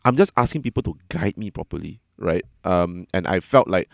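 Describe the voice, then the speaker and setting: A man telling a personal story in a casual chat, earnest and halting, often repeating his words as he gathers his thoughts. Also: low-pitched, lively intonation, gravelly, no echo, studio quality.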